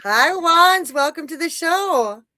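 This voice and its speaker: A woman's voice: very high-pitched, expressive, takes it slowly, bright, forceful tone, no echo, faint music behind. Woman podcast host, gushing, eager, rambling, dry close sound. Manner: gushing, enthusiastic, rambling with restarts. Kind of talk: casual interview chat.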